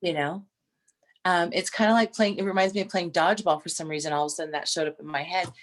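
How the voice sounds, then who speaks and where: A middle-aged woman co-hosting a casual chat, telling stories with restarts and animated quoted voices. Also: lowish voice, quick pace. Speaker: podcast co-host.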